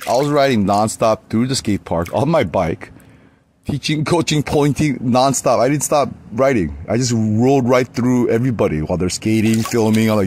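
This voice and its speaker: A man with a husky, breathy voice at an ordinary pitch rambles to his viewers. He is profane and emphatic, jumping from point to point as he talks. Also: expressive, brisk, a little mellow. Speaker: vlogger. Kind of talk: rambling monologue to camera.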